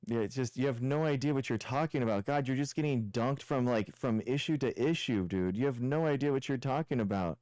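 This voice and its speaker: A man's voice: mid-range voice, fairly quick, few pauses, a little mellow, no echo. A young man hosting a live stream, arguing with a caller in a combative, mocking way and repeating taunts. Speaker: show host debating callers. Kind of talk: heated live-stream debate.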